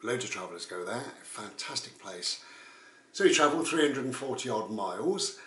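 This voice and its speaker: A man's voice: mid-range voice, expressive, moderate pace, a bit bright. Rambling man telling stories. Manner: rambling, with frequent "and all the rest of it". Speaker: vlogger. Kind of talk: casual anecdotal storytelling. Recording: roomy, distant mic.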